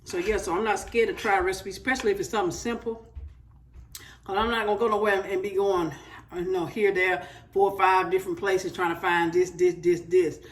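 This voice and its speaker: A woman's voice: medium pitch, steady tone, fairly quick, recorded from a distance. A woman, chatting casually to her viewers as she cooks and tastes food in her home kitchen. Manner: chatty, talks straight to viewers as y'all. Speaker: cooking vlogger. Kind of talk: casual chat while cooking and tasting.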